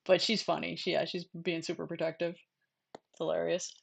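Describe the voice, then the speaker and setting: A woman's voice: on the low side, a little fast, creaky, breathy edge. Blunt, laughing woman hosting a casual livestream. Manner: animated, blunt, swears often, laughs a lot. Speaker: host.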